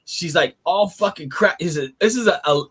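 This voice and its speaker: Male podcast co-host, high-ish voice, animated, profane storyteller. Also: moderate pace, breathy edge. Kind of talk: casual storytelling chat.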